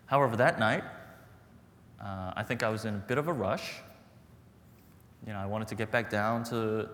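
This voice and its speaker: A man's voice: mid-range voice, a bit bright, long reverb tail. A man preaching a sermon as pastor, earnest and storytelling, repeating phrases for emphasis.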